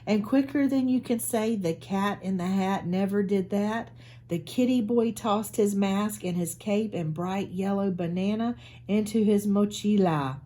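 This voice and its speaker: A woman reading a picture book aloud to schoolchildren in a school office, chatty and expressive. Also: lowish voice, slight background noise.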